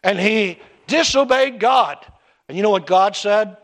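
A man's voice: high voice, unhurried. A middle-aged man preaching a sermon, telling a personal story and acting out the voices of the people in it. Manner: animated storytelling with acted-out voices.

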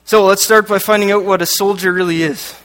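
A man's voice: high-pitched, fairly even intonation, brisk, fairly bright tone. A man from Canada giving a sermon, reading passages aloud and adding joking asides between them. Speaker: lay preacher. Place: church hall. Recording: echoey hall with long reverb.

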